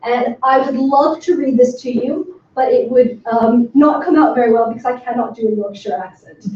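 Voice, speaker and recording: A woman lecturing to a room full of people, her voice higher than usual yet mellow in tone. She talks with eager emphasis and fills her pauses with ums. Her voice comes from some distance away in an echoey room, on a dull recording with faint noise behind it. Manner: enthusiastic, emphatic, with frequent ums. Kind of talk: academic talk to a workshop audience. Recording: far from the mic in an echoey room, dull and slightly noisy.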